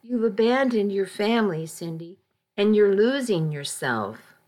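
A caring, firm aunt, as a woman reader puts her on in a storybook reading. She talks gently but sternly, pleading and steady at an ordinary mid pitch. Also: measured pace. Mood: concerned, stern. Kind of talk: audiobook reading.

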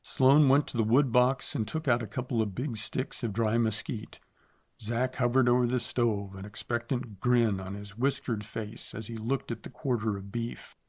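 A man reading a western novel aloud in a measured, steady narration. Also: mid-range voice. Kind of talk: audiobook narration.

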